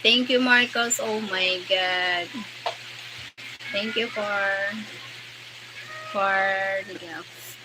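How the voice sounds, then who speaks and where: A woman's voice: medium pitch, steady tone, extremely slow, long pauses. A young woman with a Filipino accent chatting casually on a live stream, greeting and thanking viewers by name and mixing Tagalog with English. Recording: noisy background.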